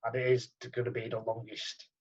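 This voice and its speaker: A man runs through news items on a casual podcast. His voice is husky, and he stumbles and restarts as he goes. The audio is dull and lo-fi. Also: mid-range voice, flat delivery. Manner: halting, stumbles over words. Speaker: podcast co-host presenting news.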